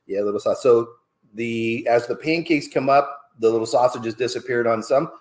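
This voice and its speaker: A man's voice: medium pitch, normal speed, roomy sound. A man hosting a casual cooking segment as a fitness coach, chatty and upbeat, thinking aloud with fillers. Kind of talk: casual cooking show chat.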